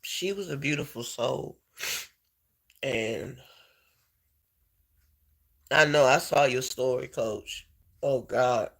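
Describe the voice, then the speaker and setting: A man in a heartfelt personal chat with his viewers, tearful, halting and emotional. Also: mid-range voice, vocal fry, fairly bright tone. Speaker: vlogger.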